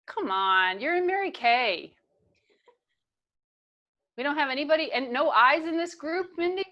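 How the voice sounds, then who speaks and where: A woman with a high voice and lively intonation speaks at a measured pace, the highs cut off. As a guest speaker and trainer leading a casual video-call session, she talks earnestly and conversationally, often restarting sentences and repeating herself.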